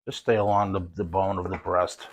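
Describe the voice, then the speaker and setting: Man, cooking show host, low-ish voice, folksy, enthusiastic, casual demo. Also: level tone, brisk.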